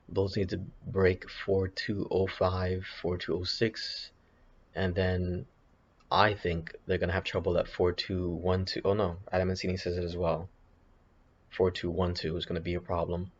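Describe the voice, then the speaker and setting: Low gravelly man, hesitant and rambling. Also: highs cut off, a little hiss or hum. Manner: hesitant, rambling, many restarts and self-corrections. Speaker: options trader streaming his chart analysis. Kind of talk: casual thinking-aloud market commentary.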